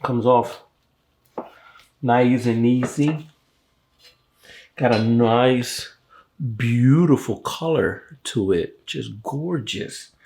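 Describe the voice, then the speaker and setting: An easygoing man talks slowly and warmly to his viewers as he carves and tastes food at an outdoor grill. His voice sits at an ordinary middle pitch, and he lingers over words with relaxed enthusiasm. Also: vocal fry, a little hiss or hum. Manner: slow, relaxed and enthusiastic, addressing viewers as guys. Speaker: barbecue channel host. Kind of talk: casual cooking video talk to camera.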